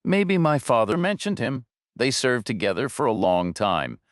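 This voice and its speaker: A man's voice: medium pitch, big pitch swings, moderate pace, dry recording, studio quality, pitched above the performer's own voice, lightly acted. A man voicing a determined young woman lawyer, earnest and persistent in her questions.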